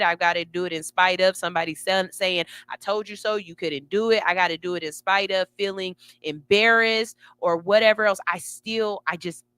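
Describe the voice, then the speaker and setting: A woman's voice: lowish voice, smooth, dry recording. A woman radio host giving an emphatic, sassy motivational talk. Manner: emphatic, sassy, building excitement.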